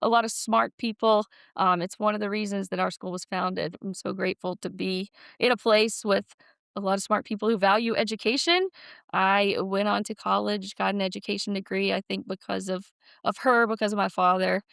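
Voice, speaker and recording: A woman's voice: medium pitch, fairly even intonation, brisk, gravelly, fairly bright tone, clear, resonant tone, dry recording, studio quality. A woman, a school's director of development, telling family stories earnestly in a casual podcast interview. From Alabama, USA. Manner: earnest storytelling, frequent ums.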